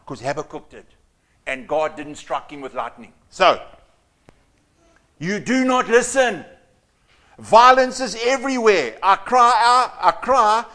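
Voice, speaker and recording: A man preaching a sermon as pastor, reading scripture dramatically and swinging between loud outbursts and hushed asides. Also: high voice.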